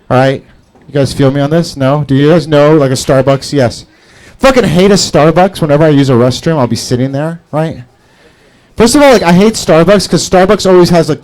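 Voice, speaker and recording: Profane young comedian with squealing bits. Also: male voice, a little mellow. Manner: profane, rambling, squeals in a high cartoonish voice when acting scared. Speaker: stand-up comedian. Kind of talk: stand-up set at an open mic. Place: comedy club stage before a live audience.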